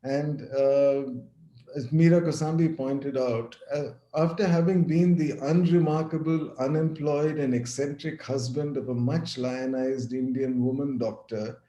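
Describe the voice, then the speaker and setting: A man giving an academic lecture over a video call, measured and partly read aloud, with a few restarts. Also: mid-range voice, steady tone, dark tone, roomy sound, dull audio. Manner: measured, reads quotations with some restarts.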